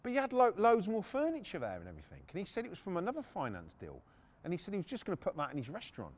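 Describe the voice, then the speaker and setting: A man's voice: sits high, wildly swooping pitch, very fast, a little hiss or hum. A middle-aged man, hosting a podcast and casually telling a story from his working life, blunt and swearing freely. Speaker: podcast host.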